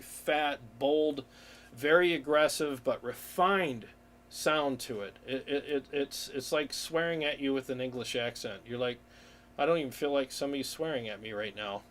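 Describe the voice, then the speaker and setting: A man hosting a live amp Q&A stream, talking casually and enthusiastically with many fillers and restarts. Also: mid-range voice. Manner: reads viewer comments aloud and laughs along.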